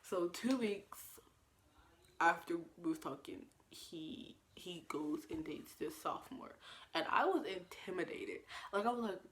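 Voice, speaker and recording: Animated young woman telling a story. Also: measured pace. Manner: animated, lots of fillers, acts out quotes in shifting pitch. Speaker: vlogger. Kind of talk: casual storytime vlog.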